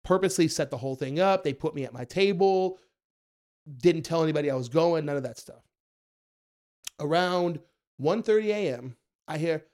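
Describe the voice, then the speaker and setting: A young man telling stories in a casual podcast chat, acting out quotes in a high voice. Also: moderate pace, pauses often. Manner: animated storyteller, acts out quotes in a high voice. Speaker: guest, food content creator.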